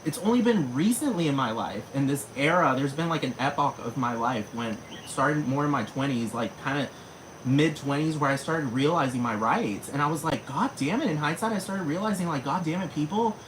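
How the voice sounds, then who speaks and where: A vlogger in their thirties in a profane ranting monologue. The speech runs on with constant swearing and filler words, at a middling pitch. Steady background hiss and chirping crickets run under the voice. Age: 30s. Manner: rapid, heavy swearing, many fillers.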